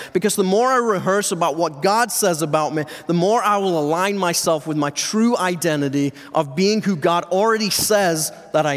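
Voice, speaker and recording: In a reverberant church sanctuary before a live audience, a man with a high-pitched, fairly bright voice delivers a sermon casually, trading jokes with his congregation.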